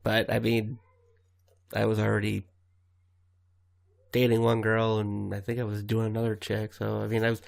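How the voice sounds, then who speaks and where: A man's voice: lowish voice, monotone, moderate pace, creaky, long pauses. A man chatting casually on a comedy podcast, laid-back and a little hesitant.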